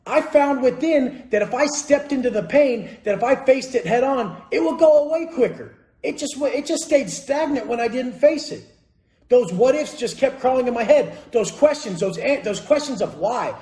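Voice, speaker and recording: A man's voice: very high voice, animated, normal speed, darkish tone. A young man telling a blunt, profane, motivational story in casual vlog talk. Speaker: vlogger. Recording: echoey room.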